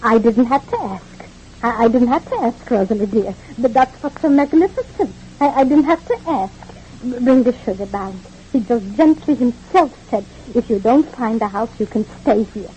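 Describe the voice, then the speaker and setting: In a dull old radio recording with a little hiss or hum, an actress in 1940s radio style plays the family's talkative, kindly immigrant mother. Her voice is fairly high and dark-toned with lively intonation at a normal speed, close to everyday speech. She sounds chatty, stammering repeats as she rambles and philosophizes.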